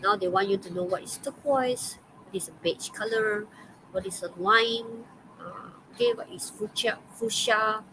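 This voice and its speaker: A woman's voice: medium pitch, moderate pace, noisy background. A woman with a Malaysian English accent teaching an online English class, chatty and full of okays and fillers. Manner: chatty, many okays and fillers, laughs often.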